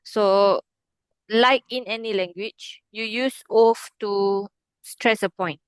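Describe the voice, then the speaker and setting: A woman with a smooth, resonant voice teaches a grammar class at a patient, even pace. She checks in with her student often. The sound is dry and close, with no room echo. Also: medium pitch, takes it slowly. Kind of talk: online grammar lesson.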